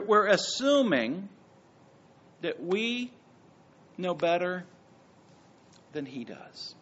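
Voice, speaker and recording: A man preaching a sermon in a high, gravelly voice. He pushes hard on some lines and drops to near quiet on others. The recording is a bit dull, with faint room noise behind him. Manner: emphatic, swings between loud and soft. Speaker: pastor.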